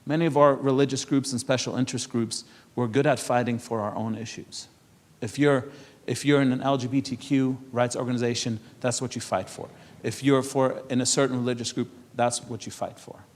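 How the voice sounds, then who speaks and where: A man's voice: mid-range voice, steady tone, a little fast, hardly any pauses. A man from Europe speaking to an audience in a conversational way, telling anecdotes with frequent laughs and repeated words. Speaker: speaker at a public panel.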